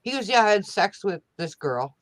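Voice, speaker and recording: A woman slowly telling a story about her son in a casual chat. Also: mid-range voice, big pitch swings, dry recording.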